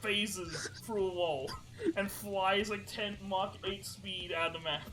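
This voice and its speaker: Man, high-pitched, casual podcast chat, swears a lot, music behind. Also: fairly even intonation, slow pace, low-quality recording. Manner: rambling, swears often, laughs while telling stories. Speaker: podcast co-host.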